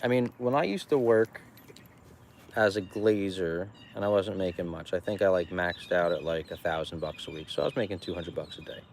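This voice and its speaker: Joking farmer chatting by a busy road. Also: male voice, low voice, fairly quick. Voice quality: joking, rambling, laughs often. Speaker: farmer selling at a roadside stand. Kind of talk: casual livestream chat. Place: outdoors beside a busy road. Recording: traffic noise outdoors.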